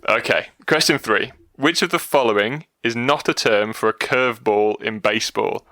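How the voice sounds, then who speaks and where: Casual podcast co-host, man, gravelly and bright, jokey, laughs a lot, dry close mic. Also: fairly low pitch, moderate pace, no echo. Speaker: podcast co-host reading a quiz.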